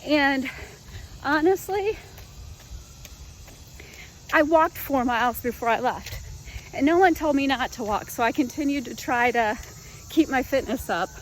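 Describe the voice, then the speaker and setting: Out of breath, this fitness vlogger in her fifties speaks to camera in a high-pitched, expressive voice, going a little slowly with long pauses. She's earnest and chatty, calling her viewers y'all, and a slight hiss or hum is audible.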